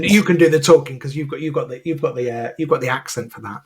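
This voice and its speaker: Talking fast with hardly any pauses, a man with a medium-pitched, slightly rough voice co-hosts a podcast. It's casual, rambling chat, loaded with fillers and restarts.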